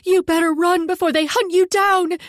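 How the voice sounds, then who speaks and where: A woman voicing a fierce mother, screaming in a high, raised voice. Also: fairly even intonation, moderate pace, no room sound, studio quality. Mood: frantic.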